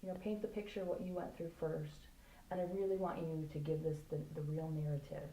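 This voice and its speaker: A woman's voice: sits low, little pitch movement, fairly quick, warm tone. A woman interviewer giving long, encouraging, rambling prompts with many fillers. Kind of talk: coaching interview. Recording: echoey room with faint background noise.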